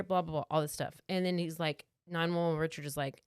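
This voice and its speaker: A woman's voice: sits low, fairly even intonation, brisk, clean tone, dry recording, studio quality. A woman co-hosting a podcast, casually retelling a true crime story with lots of "like" and acted-out quotes. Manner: chatty storytelling, acts out quotes, many "like"s. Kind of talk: casual chat.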